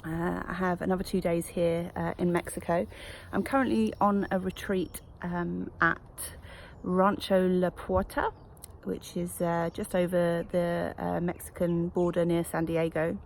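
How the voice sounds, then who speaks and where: A woman vlogging in a chatty, reflective way, with a gravelly, creaky edge to her fairly low voice. She talks with plenty of ums and uhs, and a faint hiss sits under the recording. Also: little pitch movement, unhurried. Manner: chatty, reflective, many fillers. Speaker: coach. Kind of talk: casual vlog to camera. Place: wellness retreat.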